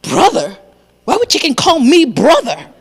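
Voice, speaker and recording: A woman's voice: high-pitched, wildly swooping pitch, normal speed, pitched above the performer's own voice, heavily acted. A woman storyteller voicing a baffled, indignant male crocodile who stammers his protests. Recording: long reverb of a sanctuary.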